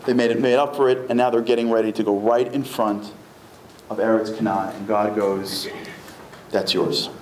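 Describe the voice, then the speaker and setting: Lively man lecturing in a hall. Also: on the low side. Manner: comic, acts out quoted voices, rapid storytelling. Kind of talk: animated religious lecture. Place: packed synagogue hall. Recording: echoey hall with faint room noise.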